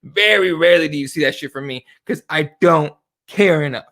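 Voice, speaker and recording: A man co-hosting a casual podcast, talking in a profane, animated way and acting out his online exchanges as little quoted scenes. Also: a little high, a little fast. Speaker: podcast co-host.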